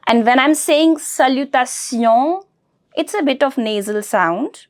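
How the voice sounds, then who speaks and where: A woman teaching a pronunciation lesson, breaking words into syllables and repeating each one slowly. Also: a little high, a little mellow. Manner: slow, syllable-by-syllable with repeated drilling. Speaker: language teacher.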